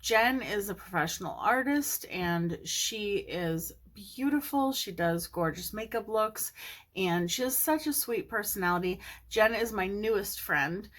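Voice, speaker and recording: A woman's voice: mid-range voice, lively intonation, measured pace, a bit bright. Bubbly woman chatting on a makeup vlog. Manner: bubbly, gushing and enthusiastic. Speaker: beauty YouTuber. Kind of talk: casual makeup vlog chat.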